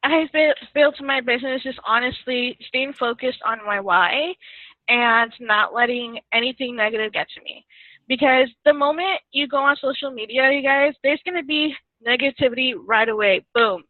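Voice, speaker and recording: A woman's voice: high voice, normal speed, no echo. A woman guest telling her story in a casual interview, chatty, laughing often and getting emotional. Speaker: guest distributor. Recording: tinny phone line, dry.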